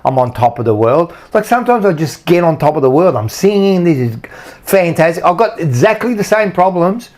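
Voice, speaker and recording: A man's voice: a little high, expressive, fairly quick, a little mellow. A man co-hosting a podcast, talking in a loose, rambling way and often checking in with "you know what I mean". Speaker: podcast co-host. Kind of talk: casual chat.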